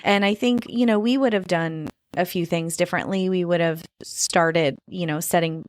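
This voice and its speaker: A woman's voice: on the low side, normal speed, dry recording, studio quality. Chatty mother hosting a podcast. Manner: chatty, frequent fillers like "you know" and "like". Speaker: podcast host. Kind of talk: casual conversational interview.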